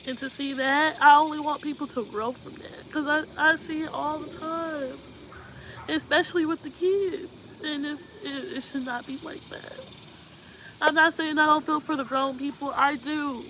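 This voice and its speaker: Earnest higher-voiced woman hosting a live talk. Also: steady tone, moderate pace, pushed and bright, a little hiss or hum, poor audio. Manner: earnest and emotional, repeating "you know what I mean". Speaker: host. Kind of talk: live talk-show monologue giving heartfelt advice.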